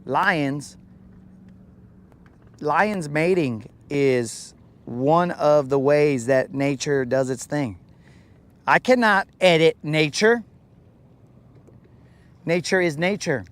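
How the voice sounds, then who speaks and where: A man's voice: on the high side, very slow, long pauses. A man hosting a live fishing stream outdoors on a lake, playful and full of slang as he jokes with his chat. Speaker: fishing livestream host.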